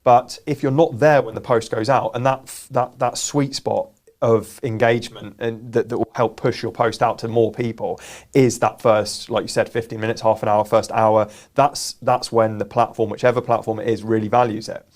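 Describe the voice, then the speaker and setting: A man's voice: mid-range voice, little pitch movement, normal speed, darkish tone. A man co-hosting a business live show, explaining earnestly and often restarting his words. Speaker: co-host. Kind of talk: casual business chat.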